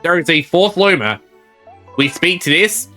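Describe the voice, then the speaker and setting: A male game streamer talking through his play in a loose, rambling way, often reading the characters' lines aloud. His voice is bright and a touch high, with faint game music behind him. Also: lively intonation, a little slow. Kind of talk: casual gameplay commentary.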